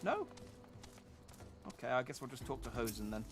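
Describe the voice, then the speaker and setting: A man's voice: medium pitch, huge pitch swings, moderate pace, music in the background. A man streaming a game, chatting casually and joking as he plays. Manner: joking, rambling. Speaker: VTuber streamer. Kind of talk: casual gameplay commentary.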